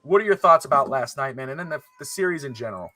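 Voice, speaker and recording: A man's voice: medium pitch, lively intonation, quick pace, bright, forceful tone, no room sound, faint music behind. A man hosting a casual sports talk show, chatty and emphatic, on a close mic. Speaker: podcast host.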